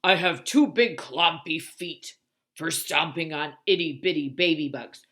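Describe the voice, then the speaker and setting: A woman voicing a big, bad, hungry male bully bug from a storybook, growling and boasting loudly. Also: deep voice, unhurried. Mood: menacing.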